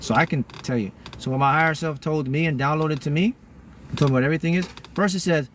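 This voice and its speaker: A man's voice: on the high side, quick pace, a little hiss or hum. A man talking casually to his viewers as a spiritual mentor, rambling and often breaking off to restart his sentences.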